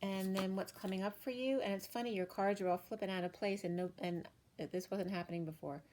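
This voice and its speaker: A woman doing a casual tarot card reading, chatty and thinking aloud with fillers and self-corrections, her voice a little hoarse. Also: mid-range voice, fairly even intonation, a little fast, a little mellow, slight background noise. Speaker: tarot reader.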